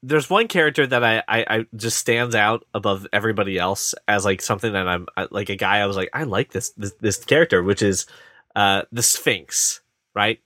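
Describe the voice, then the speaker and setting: A man co-hosting a casual movie podcast, rambling and animated, putting on voices to mock scenes. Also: on the low side, normal speed, dry recording, clean studio sound. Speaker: podcast co-host. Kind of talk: casual movie review chat.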